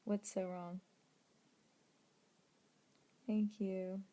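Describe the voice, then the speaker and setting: A woman's voice: medium pitch, level tone, drawn-out words, dark tone. A young woman chatting casually on a late-night livestream, reading fan questions aloud and rambling through her answers. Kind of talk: casual chat.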